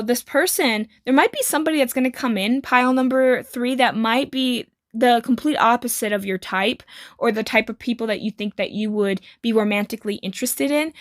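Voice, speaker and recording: A woman's voice: fairly high pitch, no echo, clean studio sound. A woman giving a tarot reading to her viewers, reassuring and rambling, with many fillers. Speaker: tarot reader.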